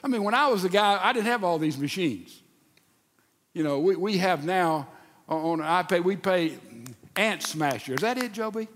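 Older male pastor, folksy sermon delivery, high voice, long hall reverb. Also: moderate pace. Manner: folksy and animated, with stammered restarts.

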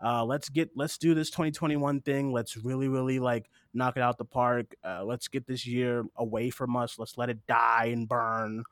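A man's voice: mid-range voice, level tone, moderate pace, few pauses, dry recording, clean studio sound. A man hosting a podcast in casual chat, rambling and earnest, swearing now and then, teary-eyed while speaking into a desktop mic. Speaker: podcast host.

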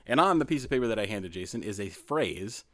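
A man's voice: on the low side, lively intonation, fast, a bit bright. A man co-hosting a podcast in easygoing casual chat, laughing at himself. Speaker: podcast co-host.

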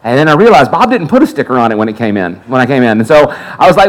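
Over a rough recording, a pastor with a mid-range voice races along with few pauses. He's preaching a sermon, telling a personal story and animatedly acting out what other people said.

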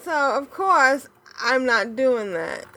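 A woman co-hosting a gaming podcast in casual chat, bubbly and excitable, laughing often. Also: high-pitched, slow. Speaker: podcast co-host.

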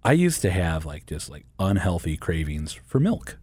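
A man hosting a Catholic talk radio show, chatting casually and telling animated stories. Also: low voice, normal speed, dry recording. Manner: lively, animated storytelling with laughs.

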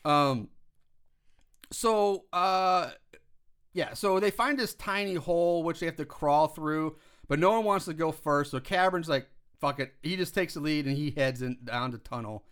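A man's voice: a little high, measured pace, a bit bright, clean tone. A man casually recapping a film plot on a podcast, with lots of fillers and laughs. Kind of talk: casual chat.

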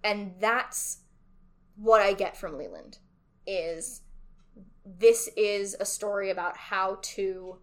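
A woman co-hosting a podcast in casual chat, blunt and dry with quick quips. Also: medium pitch. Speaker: podcast co-host.

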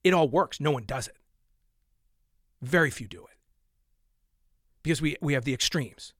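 A man's voice: a little high, normal speed, a bit bright, no room sound, clean studio sound. A man hosting a podcast, delivering a heated, exasperated solo rant with sighs and muttered asides. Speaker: podcast host.

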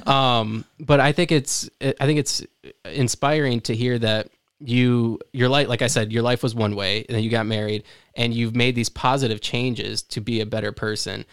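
A man's voice: medium pitch, fairly even intonation, moderate pace, clear, resonant tone, no room sound, studio quality. A man around thirty hosting a casual interview, reflecting back what his guest says in a thoughtful way. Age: 30s. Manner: thoughtful, summarizing, restarts often. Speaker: host.

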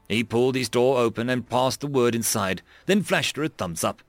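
A man narrates a battle scene with a lively, dramatic delivery. His pitch moves a lot around a mid-range voice, and the recording is dry and close with no room sound. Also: moderate pace, few pauses, no echo. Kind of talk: audiobook narration of military fiction.

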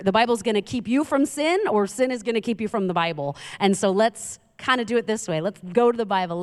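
A woman in the middle of her range preaches a sermon, talking through a Bible story in a chatty, lively way. Her voice carries a long reverb, as though she is speaking in a large hall. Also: medium pitch. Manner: conversational, animated storytelling with asides.

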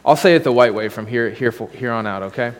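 A man's voice: medium pitch, a little fast. Man preaching in a reverberant church. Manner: conversational preaching with asides and rhetorical questions. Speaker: pastor. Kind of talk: sermon. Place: church sanctuary.

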